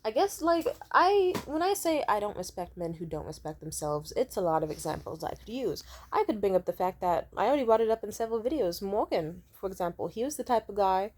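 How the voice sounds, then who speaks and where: A woman's voice: mid-range voice, very animated, a little fast, few pauses, darkish tone. A woman vlogger telling a casual storytime rant, emphatic and rambling, full of swearing.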